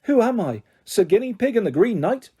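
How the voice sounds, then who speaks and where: A man's voice: high voice, sing-song, normal speed, dark tone, breathy edge, pitched above the performer's own voice, heavily acted. A man voicing a small, sarcastic male pet guinea pig in a storybook reading, in a raised, put-upon voice.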